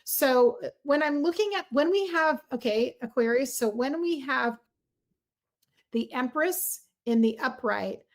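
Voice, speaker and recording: A woman's voice: high-pitched, expressive, unhurried. Chatty woman reading tarot on a livestream. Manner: chatty, warm, effusive, talks to viewers directly.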